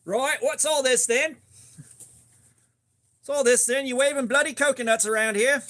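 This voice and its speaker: A man's voice: extremely high pitch, fairly even intonation, normal speed, fairly bright tone, voice pushed up. A man putting on a mock British accent to play a scolding police officer.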